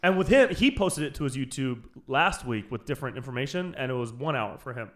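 Podcast host, man: laid-back, riffs along with the guest, dude-heavy casual talk, mid-pitched. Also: expressive, fairly quick, fairly bright tone.

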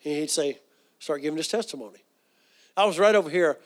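A man's voice: fairly high pitch, fast talker. A man preaching a sermon, telling stories earnestly with frequent fillers.

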